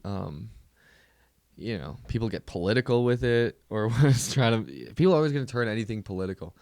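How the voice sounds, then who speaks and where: A man's voice: lowish voice, sing-song, brisk, a little mellow, no room sound, clean studio sound. A man hosting a comedy podcast, ranting in a casual, exasperated and profane way that rambles along.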